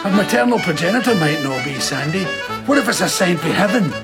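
A man's voice: sits high, animated, brisk, creaky, over loud music. A vain Scottish showman. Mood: boastful. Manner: grand, theatrical, self-regarding. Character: vain aging Scottish TV entertainer Donald Q. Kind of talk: film drama acting.

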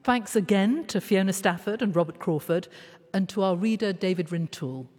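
A woman's voice: mid-range voice, moderate pace, darkish tone. A female presenter leading a discussion and questioning guests. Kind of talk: hosting a panel discussion. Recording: long hall reverb.

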